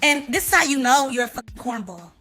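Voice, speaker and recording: A woman's voice: high-pitched, expressive, fast talker, bright, forceful tone, faint music behind. A woman in a heated, profane rant, cursing and lecturing in a casual way.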